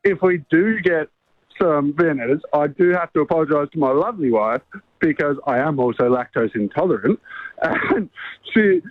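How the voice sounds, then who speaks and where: A man calling in to a radio show, chatting in a friendly, chuckling way. He comes through a tinny phone line with a slightly high voice. The sound is dry, with no room around it. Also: expressive, normal speed, dry recording. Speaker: caller. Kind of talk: phone-in chat.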